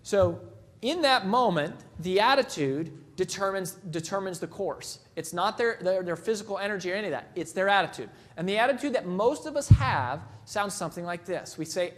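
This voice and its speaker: A man delivers a motivational keynote in a loose, conversational way. His voice sits high for a man. He pokes fun at himself and often restarts his sentences. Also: lively intonation, moderate pace. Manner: conversational, self-deprecating, frequent restarts. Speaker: motivational speaker. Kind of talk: keynote talk with personal stories.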